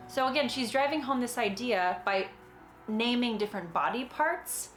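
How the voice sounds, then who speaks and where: A woman's voice: a little high, expressive, moderate pace, a bit bright, echoey room, faint music behind. A young adult woman explaining a monologue line by line in a casual tutorial, chatty and explanatory, with frequent little laughs. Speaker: acting teacher explaining a monologue.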